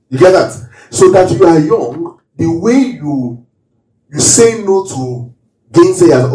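Male pastor, call-and-response preaching, warm mellow tone, roomy church hall, distant mic. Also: on the high side. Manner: leads the congregation through call-and-response reading. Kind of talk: sermon.

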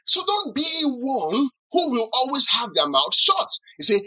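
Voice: mid-range voice, big pitch swings, normal speed, bright, forceful tone, husky, rough recording. A pastor preaching a sermon who keeps asking the congregation questions to answer back and teases them with acted-out examples. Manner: teasing humor with acted-out examples.

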